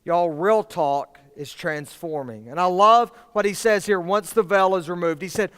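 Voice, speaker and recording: A man's voice: high-pitched, moderate pace, hardly any pauses, fairly bright tone, clean tone. A young man preaching to students, telling a personal story in a casual way full of "y'all" and "like". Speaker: youth pastor. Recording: hall reverb from a large room.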